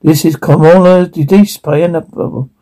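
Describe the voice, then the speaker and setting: A man's voice: on the high side, fairly even intonation, unhurried, warm tone. An actor playing an overeager salsa salesman who puts on a thick fake Spanish-flavored accent. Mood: hammy, salesy. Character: overeager male salsa vendor hamming up an accent. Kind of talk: sitcom acting.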